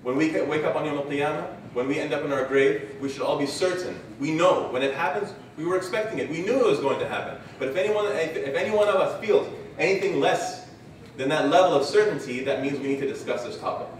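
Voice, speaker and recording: A man's voice: a little high, quick pace, slight background noise. Man preaching in an echoey hall. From Canada. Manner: lively storyteller acting out examples. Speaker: conference speaker. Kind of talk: religious lecture. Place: large conference hall. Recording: echoey hall, distant mic, faint ambience.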